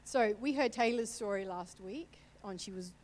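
A woman's voice: medium pitch, moderate pace, darkish tone, poor audio. Candid woman giving a personal talk. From Italian family background. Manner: candid, conversational, emotional at times. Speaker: church speaker.

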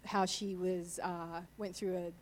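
Her voice fairly low and flat in pitch, a middle-aged woman of Italian heritage speaks a little slowly from a church stage, giving a personal testimony. She sounds candid and conversational, emotional at moments, over a rough recording with some hiss or hum.

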